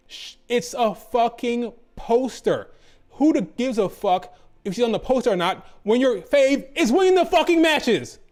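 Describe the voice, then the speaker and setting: A man ranting in profane, exasperated commentary, mocking the people he argues against with sarcastic quotes. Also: sits high. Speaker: wrestling commentator.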